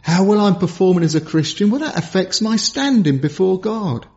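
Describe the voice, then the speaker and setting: Male preacher, high voice, earnest, leans on key words; dull lo-fi recording. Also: expressive, a little mellow. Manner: earnest, slows down for emphasis. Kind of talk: sermon. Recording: dull lo-fi sound.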